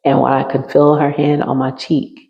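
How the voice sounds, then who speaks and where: A woman with a gravelly edge of fry in her voice tells a personal story to a class, looping back over her own phrases as she goes. She sounds roomy and a little muffled, as if caught in an echoing space on modest gear. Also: sits low, completely flat delivery, moderate pace. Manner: repetitive, circling back on phrases while recounting. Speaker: healing class teacher.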